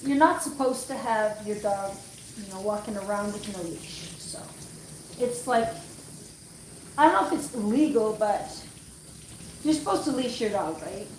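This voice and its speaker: A woman's voice: mid-range voice, animated, unhurried, pauses often, darkish tone, far from the mic, a little hiss or hum. A middle-aged woman dog groomer chatting on a livestream, telling a story in a rambling, self-correcting way. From Canada. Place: grooming room. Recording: echoey room, voice off-mic.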